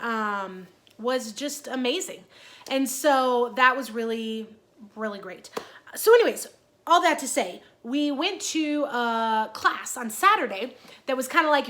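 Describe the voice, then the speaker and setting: A woman's voice: on the high side, pushed and bright. A woman in her thirties talking in a casual personal vlog, chatty and earnest with many fillers. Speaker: vlogger.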